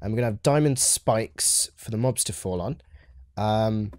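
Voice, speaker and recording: A man's voice: lowish voice, normal speed, no echo, studio quality. A young man joking around while playing a game with a friend. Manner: jokey, excitable, does silly mock voices. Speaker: co-player. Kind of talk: casual gameplay chat.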